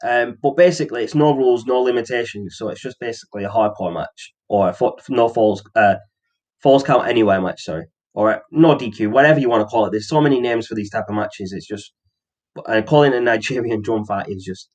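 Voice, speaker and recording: A man's voice: mid-range voice, brisk, a little mellow. A man co-hosting a wrestling podcast, chatting casually with frequent ums and restarts. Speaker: podcast co-host.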